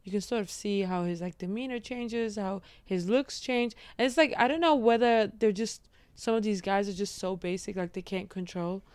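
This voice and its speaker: A woman guest on a podcast, telling stories in a relaxed way with frequent hedges. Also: mid-range voice, moderate pace, hardly any pauses, clean tone, no room sound. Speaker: guest comedian. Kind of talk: casual chat.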